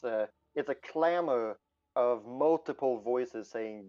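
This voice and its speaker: A man's voice: mid-range voice, lively intonation, takes it slowly, mellow, clean tone, highs cut off, faint music behind. Playful man running a tabletop game. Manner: playful, laughs often while running the game. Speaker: game master.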